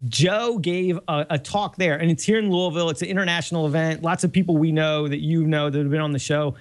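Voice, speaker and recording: A man's voice: on the high side, steady tone, a little fast. A man talking as a guest on a tech panel show, recommending a book eagerly with many fillers. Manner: eager, lots of fillers and restarts. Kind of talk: casual chat on a panel show.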